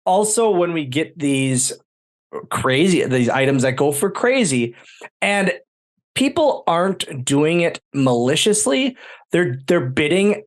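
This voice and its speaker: A man's voice: fairly high pitch, sing-song, slow pace. Laid-back male podcast host. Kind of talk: casual chat.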